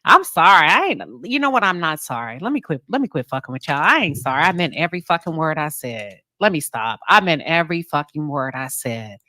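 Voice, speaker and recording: A woman with a lowish, bright voice speaks defiantly to her live-stream viewers, cursing for emphasis. The sound is dry and close. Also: big pitch swings, fairly quick, hardly any pauses, dry recording. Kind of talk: fiery live-stream address.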